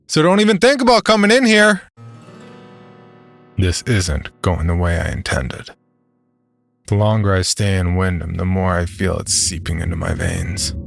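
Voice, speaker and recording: A man with a very low, gravelly voice reads a first-person horror story in a measured, grim way. Faint music plays underneath. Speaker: narrator. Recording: music beneath the voice.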